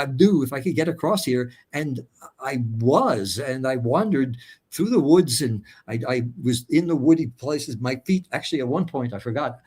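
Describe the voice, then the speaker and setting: An older American man, a guest, vividly retelling his escape in a profane, animated way with a husky voice. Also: mid-range voice. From United States. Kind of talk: storytelling interview.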